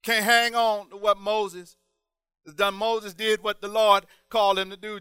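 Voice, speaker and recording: A man preaching a sermon in a rhythmic style, building to loud, shouted emphasis and then dropping to quiet, drawn-out phrases. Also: high-pitched, flat delivery, smooth, no room sound.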